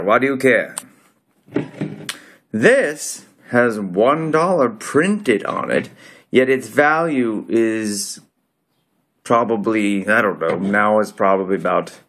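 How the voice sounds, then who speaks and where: A man's voice: on the low side, fairly bright tone. A man casually explaining coins he holds up to the camera, talking in a put-on accent with a loose, rambling delivery that keeps breaking off and restarting. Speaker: video host.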